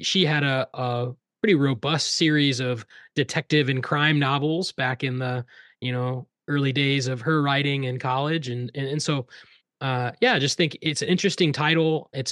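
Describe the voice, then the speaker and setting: A man's voice: mid-range voice, a bit bright, no room sound, studio quality. A man on a discussion panel, talking casually and thinking aloud.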